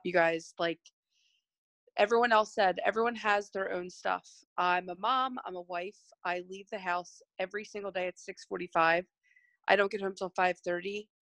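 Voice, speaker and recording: A woman's voice: on the low side, fairly bright tone, dry recording. A woman speaking earnestly on a video call to her team, admitting her own excuses and growing tearful. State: near tears. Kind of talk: emotional group call testimony.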